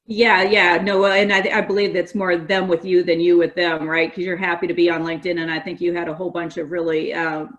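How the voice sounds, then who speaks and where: A middle-aged woman from California, a guest on a podcast, talking in a lively, story-driven conversational way. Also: lowish voice, fairly quick, few pauses. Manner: animated storyteller, quotes others in lively voices. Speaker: guest, gas industry association representative.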